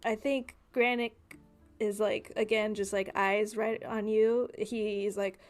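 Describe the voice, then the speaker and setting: A woman's voice: mid-range voice, level tone, slow pace, soft background music. A woman narrating a tabletop game as game master, speaking casually with lots of fillers.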